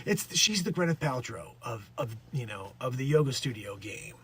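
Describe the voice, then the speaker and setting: A man's voice: medium pitch, expressive, moderate pace, noisy background. A man hosting a live stream, chatting casually in a rambling, jokey way, laughing at his own bits. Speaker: livestream host.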